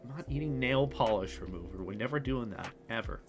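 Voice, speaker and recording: A man's voice: medium pitch, lively intonation, brisk. A young man chatting casually on a livestream, rambling and self-deprecating, with some swearing. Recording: music playing behind the voice.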